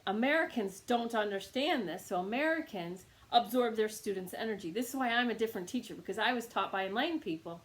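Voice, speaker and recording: A woman reiki teacher telling a casual teaching anecdote, animated and laughing often. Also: mid-range voice. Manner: animated storytelling with frequent laughs.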